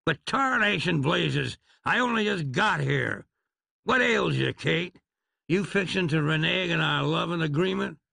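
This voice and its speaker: A man voicing a sardonic Western gunslinging dentist with a slow, folksy drawl and a gravelly, dry sound. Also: a little high, lively intonation, sharp tone, no echo, pitched above the performer's own voice, heavily acted. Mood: wry. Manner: wry, unhurried and folksy.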